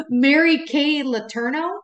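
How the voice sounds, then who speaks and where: A woman's voice: high voice, takes it slowly, a bit bright, roomy sound, dull audio. A woman from Wisconsin co-hosting a podcast in casual chat, rambling and laughing often. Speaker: podcast co-host.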